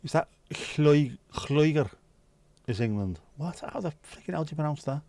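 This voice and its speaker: A man's voice: fairly high pitch, big pitch swings, fast, creaky, mellow, no echo. A man hosting a livestream, chatting casually with viewers, rambling and musing aloud with plenty of swearing. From Wales. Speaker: livestream host.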